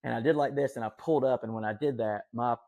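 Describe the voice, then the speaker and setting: A man's voice: mid-range voice, fast, a little mellow. A man telling a personal story as a podcast guest, earnest and rambling, with many fillers and self-corrections. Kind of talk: casual storytelling.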